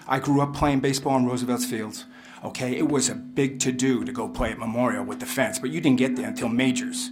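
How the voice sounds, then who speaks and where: A middle-aged man from New Jersey giving public comment at a council meeting, halting with restarts that build to emphatic points, speaking into a podium microphone. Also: mid-range voice, fairly even intonation. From River Edge, New Jersey.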